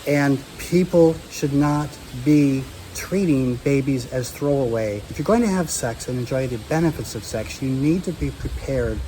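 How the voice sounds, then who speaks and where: An older American man explains his position in a measured, careful tone at an ordinary mid pitch. A clear layer of background noise sits under his voice. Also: warm tone, poor audio. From United States. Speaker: co-host, retired academic. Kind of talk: casual podcast discussion.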